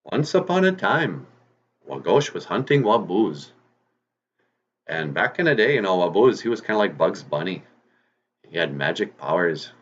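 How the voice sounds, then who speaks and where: Rambling male storyteller, low lively voice. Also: normal speed, pauses often, lo-fi sound. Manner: rambling and chatty, with restarts and asides. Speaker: storyteller and channel host. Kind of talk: casual spoken folk-tale telling.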